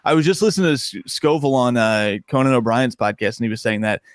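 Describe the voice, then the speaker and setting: A young man chatting as a podcast guest, swapping comedy stories with quick bursts of laughter. His voice leaps upward whenever something amuses him, and the sound is close and dry. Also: no room sound. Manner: animated storyteller, laughs often, pitch jumps when excited. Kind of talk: casual podcast interview.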